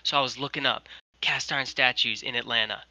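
A man's voice: mid-range voice, fairly quick, no echo, rough recording. A young man, a guest on a video call, telling a long story in casual chat with lots of "like" fillers. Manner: animated, many "like" fillers. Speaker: guest, merch maker.

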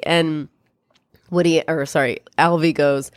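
A young woman with a slightly low voice talks through a film she has watched, in a loose, chatty way. She jumps into quick impressions of the characters' lines. Her voice sounds close and dry, with no room around it. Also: steady tone, no echo. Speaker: podcast co-host. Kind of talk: casual film recap chat.

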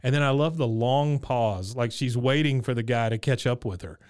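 A man co-hosting a podcast, recapping an episode in casual chat and acting out lines in a higher voice. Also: moderate pace, a little mellow, smooth, no room sound, clean studio sound. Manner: retells scenes, jumping up in pitch to voice characters. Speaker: podcast co-host. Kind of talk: casual episode recap, reading quotes aloud.

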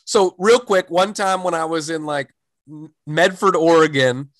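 A man's voice: a little high, a little slow, fairly bright tone, no room sound. A man who is a stand-up comedian, telling stories in casual chat and rambling with many fillers and restarts.

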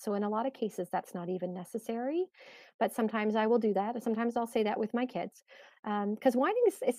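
A middle-aged woman explains parenting tools in a gentle, patient way, her voice a little high and mellow. She restarts often and fills pauses. The sound is close and dry, with no room around it. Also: no room sound. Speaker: parenting coach. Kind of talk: podcast interview.

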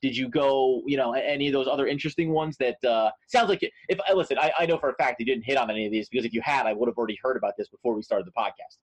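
A man's voice: medium pitch, rapid-fire, few pauses, dry recording. A man co-hosting a sports podcast, chatting casually in a rambling, joking way with many restarts. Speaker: podcast co-host.

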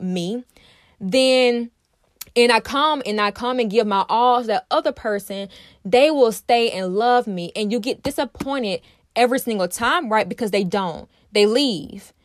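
A woman's voice: a little high, no echo. Earnest woman host, dry close sound. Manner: earnest, emphatic, repeats phrases, addresses listeners directly. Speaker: podcast host. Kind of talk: personal self-help monologue.

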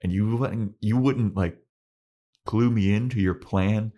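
A young man co-hosting a podcast, chatting casually and animatedly acting out characters' lines as he recaps an episode. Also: on the low side. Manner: animated, acts out characters' lines in quick voices. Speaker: podcast co-host. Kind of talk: casual chat recapping a show.

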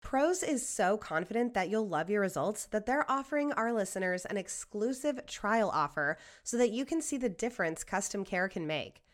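A woman reads a sponsor ad for a podcast. She keeps it upbeat and personal, as if talking about her own routine. Her voice sits at a middle pitch for a woman. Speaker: podcast host reading an ad. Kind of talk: read sponsor ad.

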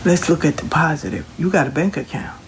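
Speaking a little fast in a fairly high voice, this man gives casual, reassuring inspirational talk full of folksy spiritual advice. He uses Southern Black vernacular and occasionally drops to a whisper, with slight background noise.

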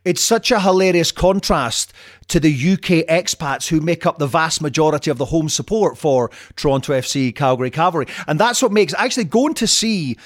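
A man's voice: a little high, animated, a little fast. A man in casual podcast conversation, speaking in a slightly raised register. He tells anecdotes with easy laughter and frequent restarts. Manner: chatty storyteller, restarts, laughs at own anecdotes. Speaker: podcast guest. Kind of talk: casual chat. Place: home in Canada.

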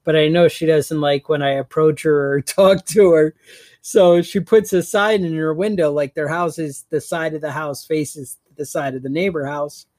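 A man with a slightly high voice, chatting casually on a podcast. He rambles through stories and laughs easily. The sound is dry and close, with no room echo. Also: fairly even intonation, normal speed, darkish tone. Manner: rambling storyteller, laughs often. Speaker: podcast co-host. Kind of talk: casual chat.

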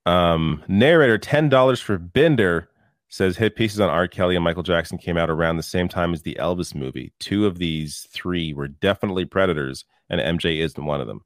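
A man's voice: low voice, a little fast, dry recording, clean studio sound. A man co-hosting a casual panel chat, talking hesitantly and stumbling over some words. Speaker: podcast co-host.

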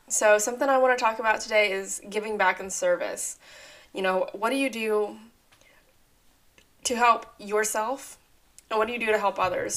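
Slightly hoarse woman hosting a podcast. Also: medium pitch, fairly bright tone. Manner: chatty, rambling, with fillers. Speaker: podcast host. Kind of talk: casual solo podcast talk. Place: apartment at home.

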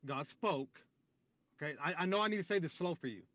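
A man with a notably high voice argues theology with a combative, sarcastic edge. The audio is dull and lo-fi, close and dry, as if through a modest mic. He keeps pushing his questions again and again. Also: a little fast, a bit bright, no room sound. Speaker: debater. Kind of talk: heated theological debate.

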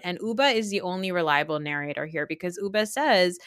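A woman's voice: lowish voice, animated, a little fast, fairly bright tone, clean tone, no echo, studio quality. A woman co-hosting a podcast in casual chat, talking bluntly and heatedly and swearing freely. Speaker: podcast co-host.

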